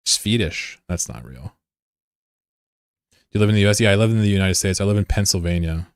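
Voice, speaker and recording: Low-voiced man chatting on a stream. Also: animated, a little fast, smooth, dry recording, studio quality. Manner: joking, rambling, profane. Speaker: streamer leading an online game fleet. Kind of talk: casual live-stream chat. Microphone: desk microphone.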